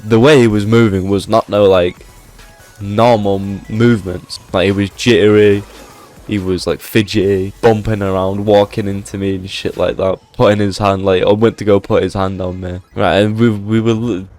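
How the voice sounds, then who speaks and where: A man tells a story in a loose, rambling way, swearing freely and padding his sentences with filler words. His voice sits fairly low, and soft music plays underneath. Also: level tone, moderate pace. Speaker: gaming YouTuber. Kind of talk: casual storytelling.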